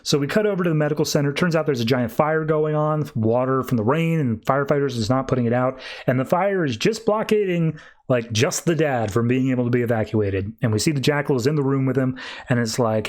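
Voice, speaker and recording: A man's voice: medium pitch, fairly quick, darkish tone. A man hosting a podcast, recapping a comic in an offhand, wry way with casual swearing. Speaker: podcast host.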